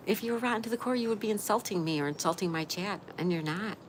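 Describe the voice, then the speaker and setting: A woman's voice: medium pitch, fast, background noise. Chatty woman reading live chat. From Florida. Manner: chatty, reads out viewer names and messages. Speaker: livestream host. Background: rain ambience.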